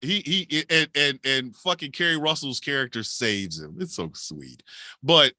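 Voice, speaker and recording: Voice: medium pitch, a little slow, no echo, studio quality. A podcast co-host recapping a film in a loose, profane, mock-outraged chat. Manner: animated, swearing, mock-outraged.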